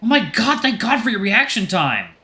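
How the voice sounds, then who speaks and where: A man's voice: high voice, sing-song, a little fast, bright, forceful tone, pitched above the performer's own voice, full character voice. A man voicing a 23-year-old male traveler who talks casually and gets defensive. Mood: shaken.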